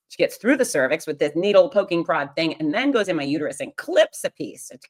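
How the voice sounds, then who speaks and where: A middle-aged podcast host with a notably low-pitched voice tells a personal story, speaking frankly and with humor as if confiding in a close friend. Her delivery is animated and fairly quick with few pauses, marked by sudden leaps for emphasis.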